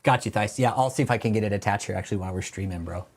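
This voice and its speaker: A man's voice: lowish voice, racing. Swearing, mocking male stream host. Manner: profane, mocking, laughs often, calls people bro. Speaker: livestream host. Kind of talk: casual livestream commentary.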